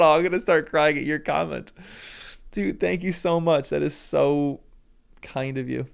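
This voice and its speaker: Gravelly-voiced man chatting on a live stream. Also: on the high side, fairly even intonation, moderate pace. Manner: emotional, chatty, thanks viewers warmly. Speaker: live-stream host reading a book aloud. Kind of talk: casual live-stream chat and reading.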